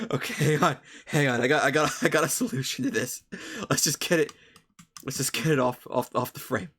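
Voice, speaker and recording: A man's voice: medium pitch, background noise. A young man streaming, reading a story aloud to his chat with profane, joking asides.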